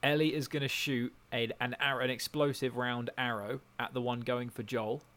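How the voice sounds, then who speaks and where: A man's voice: medium pitch, little pitch movement, normal speed, fairly bright tone. Man narrating his game moves. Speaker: podcast co-host and player. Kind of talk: casual chat.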